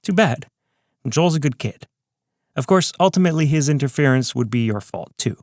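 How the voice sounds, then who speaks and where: A man's voice: mid-range voice, expressive, normal speed, darkish tone, no echo, studio quality, natural voice. A man voicing a smug, scheming villain who taunts his old partner in a condescending, mocking way, in a serial audiobook reading.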